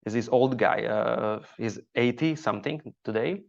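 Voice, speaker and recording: A man from Slovakia with a Slovak accent, a stand-up comedian chatting on a podcast, halting, with many fillers and restarts. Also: mid-range voice, creaky, lo-fi sound. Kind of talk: casual podcast chat.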